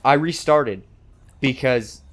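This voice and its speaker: A man's voice: mid-range voice, takes it slowly, soft background music. A young man co-hosting a let's play, rambling in casual gaming banter, swearing and laughing often.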